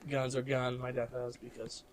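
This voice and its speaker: A man's voice: medium pitch, completely flat delivery, normal speed, a crowd in the background. A young man from Missouri in the Midwest, co-hosting a casual podcast chat, rambling with lots of "like" and restarts and laughing often. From Missouri, American Midwest. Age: young adult. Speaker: podcast co-host.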